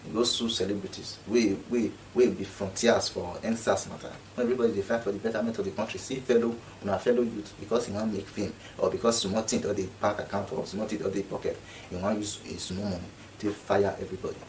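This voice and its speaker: A man's voice: on the low side, flat delivery, fast talker, few pauses, darkish tone, far from the mic, slight background noise, low-quality recording. A man speaking Nigerian Pidgin English, giving an indignant, repetitive casual commentary. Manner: indignant, repeats himself.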